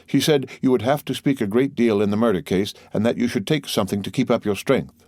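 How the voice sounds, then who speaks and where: A man's voice: mid-range voice, fast talker, a little mellow, no room sound, clean studio sound, lightly acted. A man voicing a deferential male household valet who speaks politely and dutifully.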